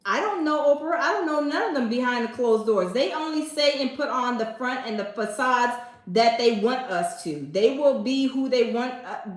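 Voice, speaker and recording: A woman hosts a casual commentary stream in a high-pitched, lively voice at a moderate pace with few pauses. She talks straight to viewers, calling them y'all and repeating herself for emphasis. The recording is low quality in an echoey room.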